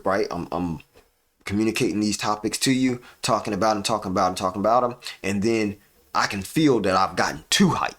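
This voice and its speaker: A man with a fairly low voice talks to his live-stream audience in a preachy, motivational way. He pauses on purpose between points and keeps tagging his sentences with "right?". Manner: preachy, repeats "right?" as a tag; uses deliberate dramatic pauses.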